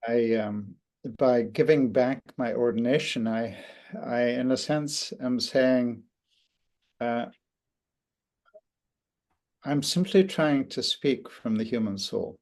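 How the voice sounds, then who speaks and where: An older man giving an interview, speaking reflectively and haltingly, with many restarts and pauses. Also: medium pitch, darkish tone. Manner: thoughtful, halting with frequent restarts and fillers. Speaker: interview guest, author.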